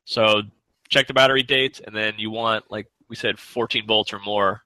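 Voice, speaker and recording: Very bright man giving practical advice. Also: fairly low pitch, steady tone, moderate pace, dry recording, poor audio. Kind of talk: casual chat over a video call. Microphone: video call.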